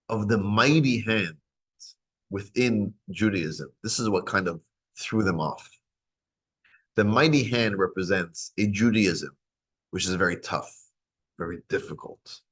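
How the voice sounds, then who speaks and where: A man teaching a weekly Torah class, talking in a lively way, dropping low when musing and rising high and excited when urging. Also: breathy edge. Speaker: rabbi teaching a parsha class.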